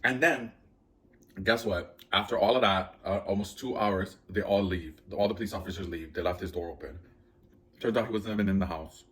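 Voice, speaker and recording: A man with a low voice vlogs indoors at home, telling a long story at normal speed. His anxious retelling is casual and rambling, heavy with fillers.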